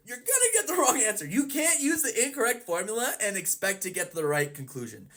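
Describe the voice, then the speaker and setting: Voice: mid-range voice, sing-song, brisk, fairly bright tone. Therapist explaining reasoning with examples. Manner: acts out people's inner thoughts. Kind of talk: educational explainer video.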